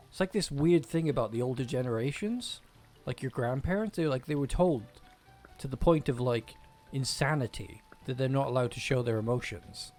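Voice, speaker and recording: A male streamer giving rambling, animated commentary while he plays a video game. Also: medium pitch, moderate pace, faint music behind. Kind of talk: casual gameplay commentary.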